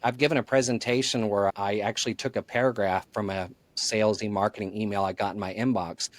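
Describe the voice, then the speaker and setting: A fairly quick, fairly evenly intoned male voice on the low side, recorded without echo. As a podcast guest and marketing author, he talks through his ideas in an earnest, considered manner in a conversational interview.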